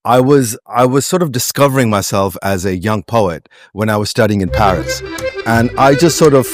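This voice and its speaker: A man's voice: on the low side, moderate pace, music in the background. A man with a Pakistani accent talking reflectively as an interview guest, meandering with many restarts and fillers. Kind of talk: conversational interview.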